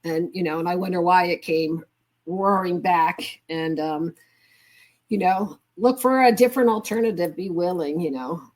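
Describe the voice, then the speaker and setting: A woman's voice: fairly low pitch, normal speed, darkish tone. An older woman speaking as a podcast guest, telling candid, chatty stories with lots of reported dialogue. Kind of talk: casual storytelling interview.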